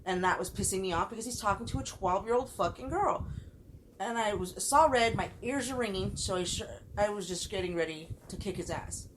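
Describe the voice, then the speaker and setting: A woman's voice: medium pitch, fairly quick, background noise. A woman co-hosting a podcast, telling a story in casual chat with heated, profane delivery. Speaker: podcast co-host.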